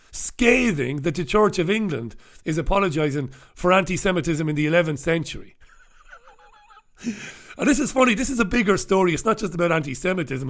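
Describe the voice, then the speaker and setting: A man hosting a newspaper review in a casual, sarcastic, blunt and profane commentary style, with mocking asides. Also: on the high side.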